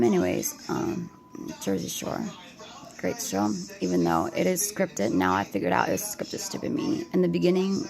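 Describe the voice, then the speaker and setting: A woman's voice: fairly low pitch, gravelly, poor audio. Tired, stammering woman vlogging at night. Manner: halting, stammering, many fillers and restarts. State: tired and anxious. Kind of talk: rambling late-night vlog to camera.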